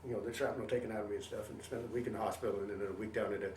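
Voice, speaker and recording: An older man, a veteran, telling his war experiences in an oral history interview, lively storytelling that acts out what others said. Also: fairly low pitch, racing. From Canada. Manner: animated storytelling, acts out quoted voices. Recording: roomy, mic at a distance, faint hiss.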